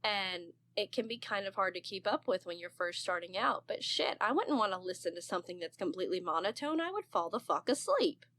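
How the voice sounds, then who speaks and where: A woman in her thirties, an aspiring narrator, chatting on a podcast in an expressive, freely swearing way. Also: medium pitch, brisk, few pauses, no echo. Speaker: guest, aspiring narrator and voice actor. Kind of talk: casual podcast chat.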